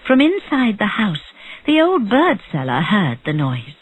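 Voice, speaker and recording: Slow, breathy storybook narrator. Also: mid-range voice, huge pitch swings, poor audio. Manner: clear, measured storytelling. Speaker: audiobook narrator. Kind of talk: slow graded-reader narration.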